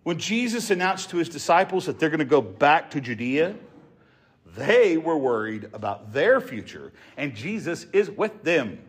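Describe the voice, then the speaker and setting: High, lively male preacher speaking slowly. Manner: earnest, emphatic. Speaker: pastor. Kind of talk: sermon.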